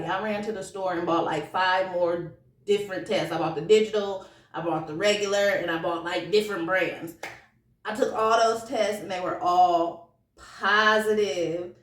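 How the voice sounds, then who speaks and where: A woman's voice: medium pitch, normal speed, recorded from a distance. Chatty woman vlogger in an echoey room. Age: 30s. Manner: chatty, animated, slangy, emotional. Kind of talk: casual storytelling to camera. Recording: roomy echo, from off the mic.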